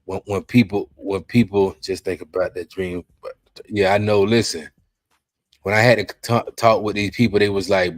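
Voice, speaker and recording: A man hosting a podcast, talking in an emotional, halting way, worn out and near tears, often repeating himself. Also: deep voice, fairly even intonation, no room sound. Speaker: podcast host.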